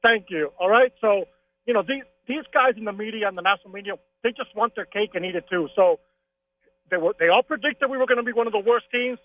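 A man calling into a sports talk show, speaking casually and arguing his opinions with excitement. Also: high-pitched, fast talker. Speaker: caller. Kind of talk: casual call-in chat. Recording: tinny phone line.

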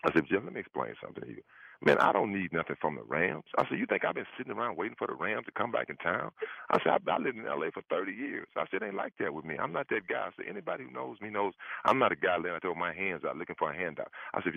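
A man's voice: very animated, rapid-fire, gravelly, husky, no echo. A man telling a story on a sports radio show, acting out both sides of phone calls and repeating "I said" as he goes. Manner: repeats "I said" often, voice jumps high for quoted lines. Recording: dry, tinny phone-line call-in.

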